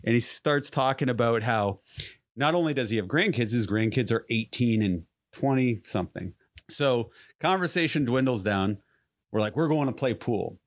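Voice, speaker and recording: Animated man telling a story. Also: medium pitch, normal speed. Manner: rambling, animated anecdote with many restarts. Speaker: podcast co-host. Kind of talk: casual storytelling.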